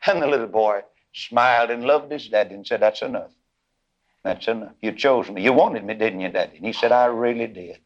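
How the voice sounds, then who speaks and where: A man's voice: fairly low pitch, brisk, muffled recording. A man, preaching a sermon in a folksy drawl, telling a story and voicing its people. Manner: folksy, drawling storyteller voicing characters, building to chanted, sung climaxes.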